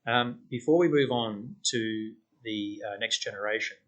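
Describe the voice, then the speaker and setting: A man's voice: lowish voice, moderate pace. A man chatting casually about films on a podcast, agreeable, often chiming in with short remarks. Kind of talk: casual film podcast chat.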